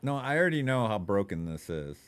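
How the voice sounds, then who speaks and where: A young adult man giving animated, profane gaming commentary, laughing often and chatting to his viewers. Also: lowish voice, brisk, clear, resonant tone. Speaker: streamer.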